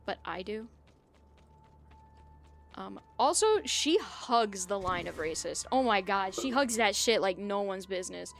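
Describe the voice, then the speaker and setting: A woman's voice: mid-range voice, expressive, a little slow, creaky. Young woman streamer ranting about work, tons of "like", swears a lot, faint music behind. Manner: venting, swears often, many "like" fillers. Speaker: gaming streamer. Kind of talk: casual chat while playing.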